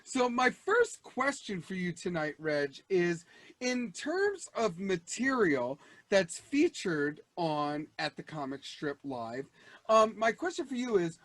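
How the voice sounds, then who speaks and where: A man's voice: high-pitched, very animated, slow pace, a bit bright, dry recording. A man hosting a comedy show over a video call, gushing enthusiastically about his guest. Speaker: show host.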